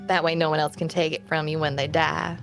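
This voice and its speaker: A woman's voice: sits low, little pitch movement, fairly quick, vocal fry, a bit bright, soft background music. A woman playing a tabletop game in character, sassy and playful. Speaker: player. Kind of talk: in-character tabletop role-play.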